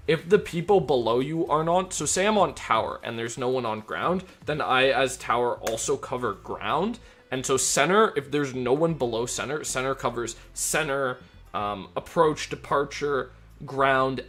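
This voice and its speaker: A man's voice: medium pitch, a bit bright. A man talking casually on a live stream, loose and rambling with plenty of fillers. When he keys up as a controller, his delivery turns clipped and procedural, with music playing faintly behind. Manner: loose and chatty, with many fillers and "like"; switches to crisp radio phraseology when controlling. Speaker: streamer and virtual air traffic controller.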